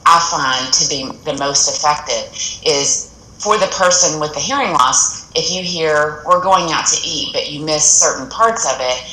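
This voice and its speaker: Woman guest giving advice on tv, low voice, sharp bright sound, keeps restarting sentences. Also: moderate pace, echoey room, slight background noise, rough recording. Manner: earnest, explanatory, frequent restarts. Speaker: audiologist guest. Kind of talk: TV interview advice.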